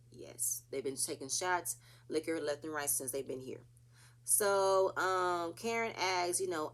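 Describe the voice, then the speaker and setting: A woman's voice: on the low side, moderate pace. A woman casually recapping a reality TV episode, chatty and opinionated, acting out what the cast said.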